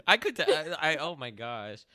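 A young man co-hosting a podcast, giggling often and firing off quick reactions. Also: on the high side, very animated, over a noisy crowd. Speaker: podcast co-host. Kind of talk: casual chat.

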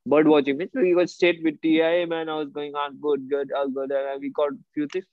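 A man chats and tells stories in a loose, profane, emphatic way. His voice sits a little higher than usual for a man. The sound is dry and close, with a slightly muffled, dull tone. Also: little pitch movement, normal speed, no echo. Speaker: therapist and podcast co-host. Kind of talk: casual chat, storytelling.

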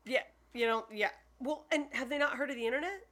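A woman co-hosting a podcast, chatting casually with quick, teasing remarks. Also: high voice, a bit bright. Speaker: podcast co-host. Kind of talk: casual chat.

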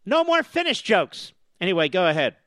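A man on talk radio with a high, very lively voice that swoops up and down as he mocks and jabs. His delivery is sarcastic and combative, an opinionated monologue. The sound is dry and close, with no room around it. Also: normal speed, no room sound. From US East Coast.

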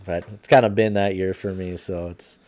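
A man telling hunting stories in casual podcast chat, profane and animated. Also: deep voice, normal speed.

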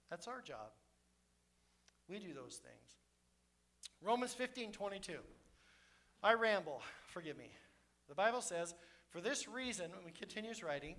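A man preaching a sermon as pastor, swinging between fervent shouts and soft, intimate asides. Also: fairly high pitch.

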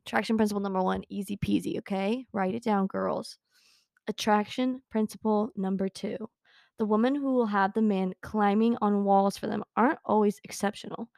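A young woman hosts a casual talk show in a bubbly, chatty way and giggles as she goes. Her voice sits at an everyday middle pitch. It is recorded close and dry, with no room sound. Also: gravelly, darkish tone, dry recording. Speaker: podcast host. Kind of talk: casual chat with book readings.

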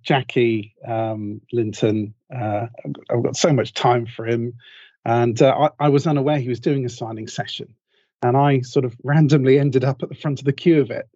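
A male podcast co-host with a husky, mellow voice tells a story in a chatty way, full of ums, and acts out what each person said. The recording is dry and a bit dull and lo-fi. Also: mid-range voice, steady tone, normal speed, no room sound. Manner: storyteller who acts out quotes, many ums. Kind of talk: casual chat, anecdote.

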